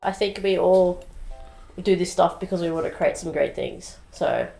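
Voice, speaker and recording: Lower-voiced chatty woman, echoey room. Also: vocal fry, warm tone, soft background music. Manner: chatty, quick to laugh. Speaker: director who cast the actors. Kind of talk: casual chat. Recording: roomy echo.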